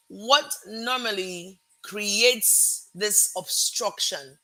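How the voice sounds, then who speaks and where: A woman with a mixed American and Nigerian accent hosting a motivational live stream, energetic and chatty, greeting viewers and pausing to fix her words. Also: medium pitch. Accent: American-Nigerian mix. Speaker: host.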